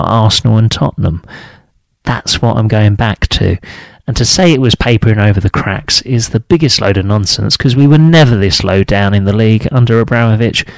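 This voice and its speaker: A man's voice: vocal fry, no echo. A man giving his frustrated opinions as a football fan, talking solo and mocking other fans' views. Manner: frustrated, ranting, mocks other fans in high put-on voices. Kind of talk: opinionated solo talk to camera.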